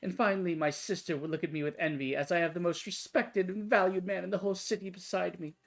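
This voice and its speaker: A woman's voice: fairly low pitch, fairly even intonation, fast talker, lightly acted. A woman voicing a haughty, lovesick, grandiose woman in a game, reading her lines in a pompous, theatrical manner. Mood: dreamy, grand. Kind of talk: game dialogue read aloud.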